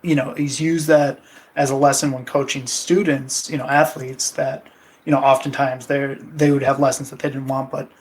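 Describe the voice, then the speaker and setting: A man's voice: mid-range voice, little pitch movement, moderate pace, a little mellow. A man with a mid-range voice speaks thoughtfully as a podcast co-host. He often agrees and builds on what the others say. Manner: agreeable, thoughtful, many affirmations. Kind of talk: casual podcast discussion.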